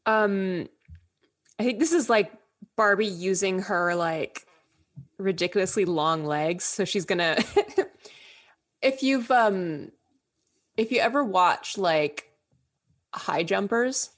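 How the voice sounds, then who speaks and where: A woman's voice: mid-range voice, slow pace, long pauses. A woman playing a tabletop game who talks in a giggly, rambling way. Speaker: player. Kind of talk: casual tabletop game play.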